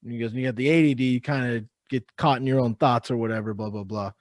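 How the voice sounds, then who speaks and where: A young man co-hosting a podcast in casual chat, animated, cursing freely and imitating the people in his stories. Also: mid-range voice, quick pace, no echo, studio quality. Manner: animated, swears a lot, imitates others. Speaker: podcast co-host.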